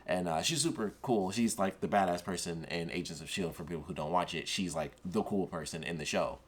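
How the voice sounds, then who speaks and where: A man with a notably low voice talks through a TV episode review in a loose, conversational way. He rambles and leans on fillers like "like" and "of course" as he recaps and weighs in. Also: fairly quick, slightly rough. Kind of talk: casual spoken review.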